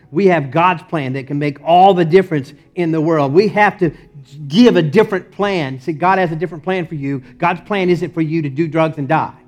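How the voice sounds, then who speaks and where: A male pastor preaching a sermon in a church, moving from loud emphatic lines to low, quiet ones. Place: church sanctuary.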